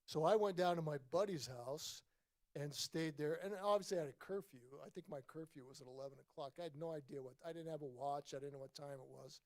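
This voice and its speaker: Man in his sixties telling a lively story. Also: a little high, fast. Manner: animated anecdote teller, acts out voices in quotes. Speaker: former baseball player, guest. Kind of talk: casual storytelling at a book event.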